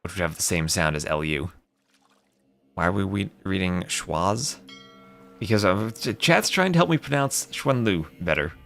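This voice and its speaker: Gravelly low-voiced male game caster. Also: animated, moderate pace, fairly bright tone, faint music behind. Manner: chatty, answers live chat between plays. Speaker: esports caster. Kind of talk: live game commentary.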